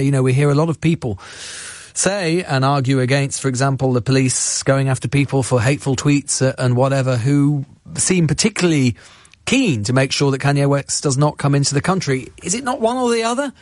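A man's voice: mid-range voice, animated, a little fast, a little mellow, dry recording, clean studio sound. A male radio host giving earnest, argumentative commentary and interviewing a guest, with frequent restarts. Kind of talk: opinionated talk radio commentary. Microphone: studio microphone.

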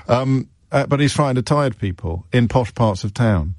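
A man hosting a radio phone-in, delivering sarcastic, mocking commentary. His voice sits at a mid pitch and is recorded close and dry in the studio. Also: animated, normal speed, few pauses, a little mellow, dry recording.

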